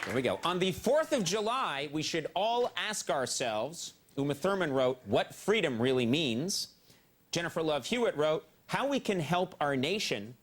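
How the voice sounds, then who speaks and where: A man's voice: fairly high pitch, big pitch swings, moderate pace, slight background noise. A man in his forties hosting a late-night show, reading mock survey answers with wry, mock-serious punchlines. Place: TV studio stage before a live audience. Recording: TV broadcast with loud audience laughter. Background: studio audience laughing.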